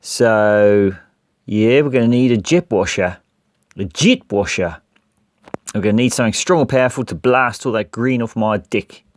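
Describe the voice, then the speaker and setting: A man's voice: on the low side, normal speed, no echo, lightly acted. A man putting on an exaggerated, clowning New Zealand accent as a joke. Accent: put-on New Zealand.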